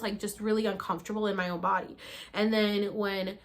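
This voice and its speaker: A young woman vlogger telling a story to the camera in a casual, animated way, acting out quotes and swearing freely. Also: mid-range voice, brisk. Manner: animated, acts out quotes with sudden loud bursts.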